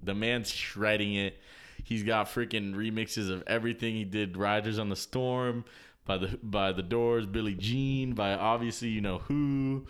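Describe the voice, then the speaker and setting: A man's voice: fairly low pitch, steady tone, measured pace, a bit bright, clear, resonant tone. A young man telling a story in a casual podcast chat, laughing often, acting out the people he met, in a slangy, profane way.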